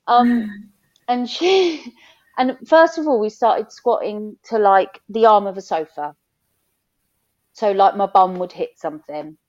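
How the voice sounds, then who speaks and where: A woman's voice: mid-range voice, a little mellow, dull audio. A woman in her thirties, chatting openly as a podcast guest and telling stories with laughter. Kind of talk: casual chat.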